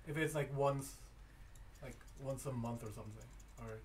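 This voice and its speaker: A man's voice: mid-range voice, normal speed, a little hiss or hum. A man playing a tabletop game, talking casually in a chatty way, with many "like"s. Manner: chatty, lively, hedging with "like". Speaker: player.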